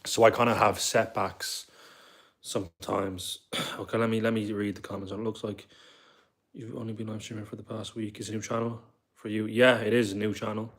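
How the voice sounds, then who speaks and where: A man's voice: lowish voice, flat delivery, brisk, a bit bright. A young man in his twenties chatting casually on a livestream, reading viewer comments aloud and answering them in a rambling way.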